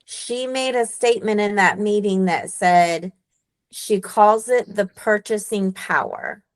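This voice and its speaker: A woman's voice: mid-range voice, slow. A woman working as a real estate agent, chatting on a group call and telling how a line worked with a client. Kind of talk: sharing a story on a group call.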